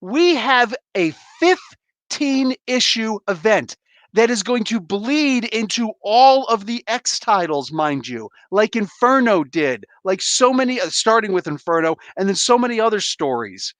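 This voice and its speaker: A man's voice: high voice, very animated, measured pace, a bit bright, no echo. A man hosting a live comic book review, ranting in an exasperated, blunt way, swearing casually and calling out viewers in chat. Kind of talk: heated live review rant.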